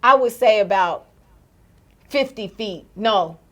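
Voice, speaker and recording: A woman in her thirties, a podcast co-host telling a story in casual chat and acting out its shouts and gasps. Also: medium pitch, lively intonation, takes it slowly.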